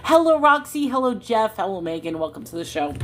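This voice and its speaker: A woman's voice: medium pitch, sing-song, a little fast, noisy background. A woman hosting a casual livestream from home into her phone, rambling to viewers and chatting to her cat. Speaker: livestream host.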